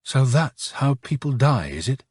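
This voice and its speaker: A man's voice: medium pitch, sing-song, unhurried, darkish tone, slightly rough, no echo. A man voicing a stubborn, earnest young male cadet who speaks in a plain, matter-of-fact way, in an audiobook reading. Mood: stunned.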